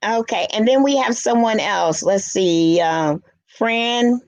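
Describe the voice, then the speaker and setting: A middle-aged woman hosts a casual live-stream chat, reading viewer comments aloud in an earnest, heartfelt way. Her voice is slightly high and unhurried, and the recording is dry.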